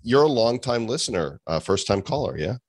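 A man's voice: mid-range voice, very animated, a little fast, darkish tone, no room sound. A man hosting a podcast, leading a casual chat with playful, joking banter. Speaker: podcast host.

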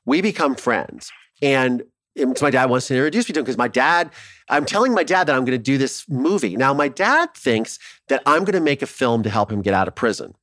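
A man from Ohio tells a long personal story as an interview guest, lively and loose with swearing, slipping into other people's voices as he goes. His voice sits at an ordinary pitch for a man. The recording is close and dry, with no room around it. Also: a little fast, no echo. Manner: animated, swears freely, acts out other people's words. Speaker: documentary filmmaker, guest.

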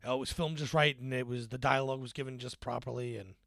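A man's voice: mid-range voice, fairly even intonation, fast, gravelly, a bit bright, no room sound. A man co-hosting a podcast in casual chat, rambling and joking with frequent fillers. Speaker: podcast co-host.

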